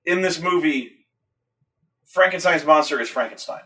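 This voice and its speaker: A man in casual chat, excitable and profane, recapping a film with stammering restarts and acted-out grunts. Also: fairly high pitch, moderate pace. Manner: excitable, acts out scenes with loud grunts and shouts. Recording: voice from a distance from the mic.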